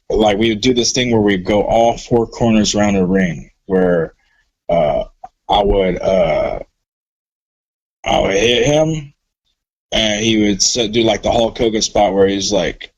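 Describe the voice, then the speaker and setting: A man's voice: on the low side, no room sound, poor audio. A man talking as a podcast guest about his wrestling career, telling stories in a loose, profane way. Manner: profane, animated storyteller. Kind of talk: casual chat.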